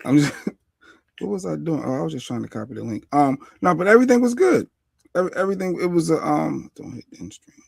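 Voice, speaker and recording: A man's voice: fairly high pitch, sing-song, brisk, vocal fry, a little mellow, husky, dry recording, studio quality. A man co-hosting a casual livestream, easygoing and rambling, often repeating himself. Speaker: livestream co-host.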